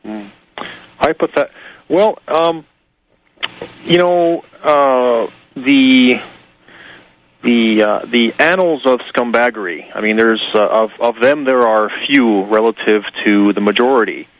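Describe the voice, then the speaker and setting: A man's voice: mid-range voice, slow, poor audio. A man speaking as a guest on a talk radio show, rambling with many fillers and a sarcastic edge. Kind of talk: rambling on-air commentary.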